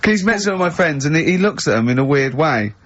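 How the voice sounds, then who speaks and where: Animated radio host, lo-fi. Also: male voice, fast. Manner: animated, laughing storyteller, pitch jumps high. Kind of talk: radio banter, storytelling. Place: radio studio. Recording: dull lo-fi radio broadcast.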